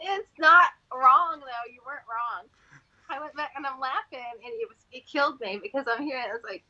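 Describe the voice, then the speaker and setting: A woman's voice: sits high, moderate pace, long pauses, bright, forceful tone, dull audio. A woman from Texas with a Texan accent, hosting a casual chat, rambling and laughing often. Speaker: host.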